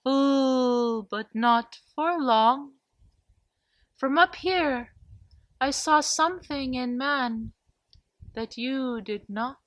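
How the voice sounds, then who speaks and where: A woman's voice: high-pitched, animated, sharp tone, no echo, voice pushed up, full character voice. A woman doing a sad, solemn wise owl. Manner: slow, solemn, foreboding. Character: sad, wise female owl watching from above.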